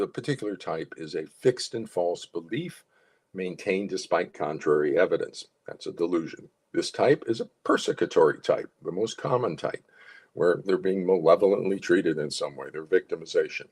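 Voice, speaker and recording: A man's voice: sits low, darkish tone, breathy edge. A man, a psychologist consultant, gives clients informal advice and coaching, explaining step by step and repeating key phrases.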